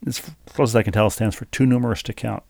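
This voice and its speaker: A middle-aged man with a gravelly, fry-edged voice reads a listener's letter on a podcast, dry and playfully wordy. The sound is close and dry, with no room echo. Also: on the low side, steady tone, fast, a little mellow. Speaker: podcast co-host. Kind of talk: casual podcast chat, reading listener email.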